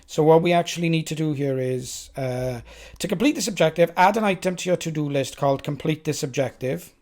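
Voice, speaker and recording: A man's voice: fairly high pitch, fairly quick, a little mellow. A man with a Welsh accent thinks aloud as he codes on a live stream, chatting with viewers and poking fun at himself. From Wales. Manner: chatty, self-mocking, talks to chat.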